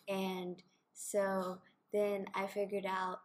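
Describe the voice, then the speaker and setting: A daughter casually telling a childhood story in a family conversation, a little giggly. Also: female voice, medium pitch, completely flat delivery, drawn-out words. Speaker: daughter on a family faith podcast.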